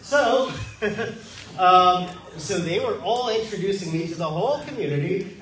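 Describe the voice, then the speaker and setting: An American man telling his conversion story as a personal testimony, animated and acting out the dialogue with frequent laughs. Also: high voice, unhurried, crowd noise. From United States. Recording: very echoey room, far from mic.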